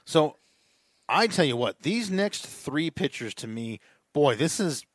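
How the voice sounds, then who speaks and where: A man's voice: fairly high pitch, big pitch swings, unhurried, dry recording. Podcast guy talking shop, opinionated, lots of "you know" and "boy", dead dry sound. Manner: chatty, opinionated, thinks aloud with fillers. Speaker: podcast co-host. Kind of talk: casual fantasy baseball chat.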